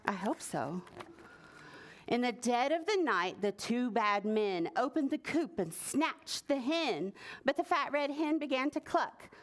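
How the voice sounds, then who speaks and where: In a library story room, a woman librarian reads a picture book aloud to preschoolers during story time, animatedly asking the children questions. Her voice is on the high side and a little slow.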